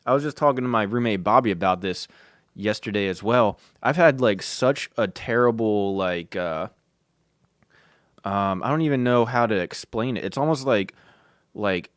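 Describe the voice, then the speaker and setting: A man's voice: medium pitch, dry recording, studio quality. A young man hosting a podcast from home, rambling casually with lots of fillers, restarts and offhand swearing. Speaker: podcast host.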